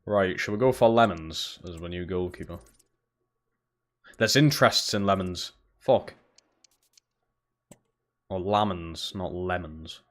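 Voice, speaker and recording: A man's voice: sits low, takes it slowly, pauses often. A young man live-streaming a football game, swearing freely and chatting back to his viewers. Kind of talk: casual live-stream chat while gaming.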